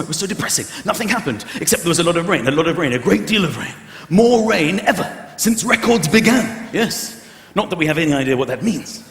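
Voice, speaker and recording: A man doing live stand-up comedy on a big stage, acting out characters with big swings in his voice. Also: sits high. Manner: animated, acts out characters with big shifts in voice. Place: large theatre stage with a loud audience. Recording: echoey theatre hall, loud audience.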